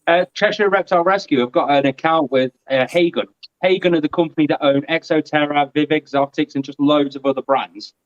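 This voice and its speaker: Chatty guy on a video call, slightly high voice, muffled lo-fi audio. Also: brisk, no room sound. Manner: chatty and animated. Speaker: guest. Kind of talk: casual live-stream chat.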